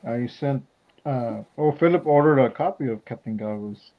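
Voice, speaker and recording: Gravelly guy rambling along as host, kinda muffled lo-fi sound. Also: mid-range voice, moderate pace. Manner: rambling, hesitant. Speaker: podcast host. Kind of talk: casual chat while drawing.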